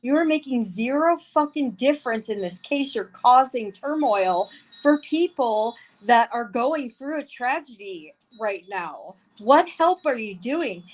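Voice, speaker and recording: A woman's voice: on the high side, animated, unhurried, poor audio. A woman streaming live, ranting angrily and swearing, repeating herself over and over. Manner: heated, profane, repeats herself. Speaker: livestreamer. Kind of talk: angry ranting livestream. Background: faint wind chimes.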